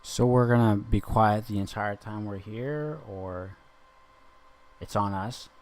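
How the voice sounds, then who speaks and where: A young man addresses a listener in an intense, lecturing monologue that is rambling and confrontational, circling back over the same points. He speaks slowly in a lowish, slightly mellow voice.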